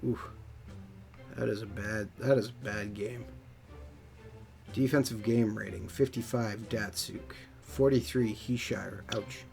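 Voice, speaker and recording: Game streamer: man, low gravelly voice, relaxed running commentary, faint music underneath. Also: slow. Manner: relaxed, muttering play-by-play of menus. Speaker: game streamer playing a hockey management sim. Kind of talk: casual commentary over gameplay.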